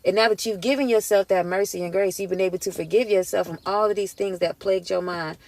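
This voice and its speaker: A woman's voice: medium pitch, steady tone, fast talker, darkish tone. A woman giving a casual tarot reading to her viewers, emotional and emphatic, full of slang and direct address. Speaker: tarot reader.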